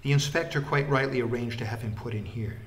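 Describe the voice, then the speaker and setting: A man's voice: medium pitch, fast talker, a bit bright, natural voice. Man voicing a stiff, formal prison official. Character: calm, authoritative male prison official.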